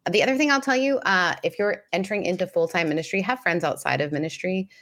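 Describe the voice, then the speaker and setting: Woman, low voice, calm, reflective, advice-giving co-host, casual chat. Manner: measured and reflective, gives advice in steps.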